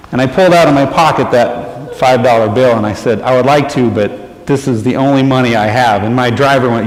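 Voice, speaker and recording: A man giving an animated testimony in church, telling a story and acting out the voices of the people in it. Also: mid-range voice, fairly quick. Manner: acts out quoted people with lively raised voice, laughs often. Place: church sanctuary. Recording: echoey church hall, faint noise.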